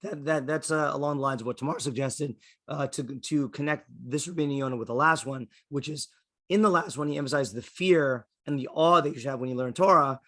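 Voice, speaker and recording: A man's voice: medium pitch, a little fast, bright, forceful tone. A man, a rabbi, explaining a text to his class, often checking in with "okay?" and thinking aloud. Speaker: rabbi teaching a Torah class.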